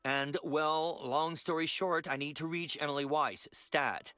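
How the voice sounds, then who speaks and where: An actor playing a new motel clerk who sounds hurried and flustered by too much work. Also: male voice, fairly high pitch, fairly bright tone, clear, resonant tone, dry recording.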